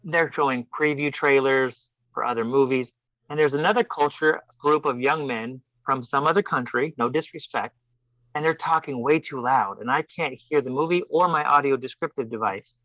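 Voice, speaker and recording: A man telling a personal story as a podcast guest, animated and acting out voices. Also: mid-range voice, moderate pace, no echo. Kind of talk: casual storytelling. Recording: dull dry lo-fi sound.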